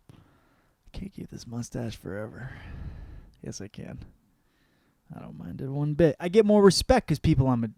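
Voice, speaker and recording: A man hosting his own comedy podcast, talking in a profane, rambling monologue that swings between mumbled asides and loud rants. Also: a little high, vocal fry, dry recording, clean studio sound.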